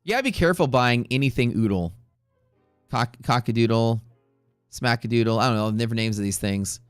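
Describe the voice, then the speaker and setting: A man hosting a live trading stream, chatting casually in a rambling way with profane jokes and quick asides to viewers. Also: mid-range voice, clear, resonant tone, dry recording, clean studio sound, faint music behind. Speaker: livestream trading host.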